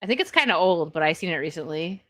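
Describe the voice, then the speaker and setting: A woman's voice: lowish voice, expressive, quick pace, pushed and bright, dry recording. A woman co-hosting a livestream, chatting casually and laughing often as she rambles. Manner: giggly, rambling. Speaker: livestream co-host. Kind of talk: casual chat.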